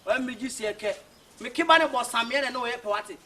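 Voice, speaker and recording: A loud bossy charcoal seller. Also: male voice, very high voice, quick pace, full character voice. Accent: Ghanaian.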